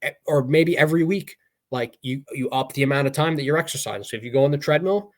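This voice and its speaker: A man's voice: mid-range voice, fast talker. Rambling motivational podcast guy. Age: young adult. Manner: motivational, loose and rambling with fillers. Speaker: podcast co-host. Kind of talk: casual podcast talk.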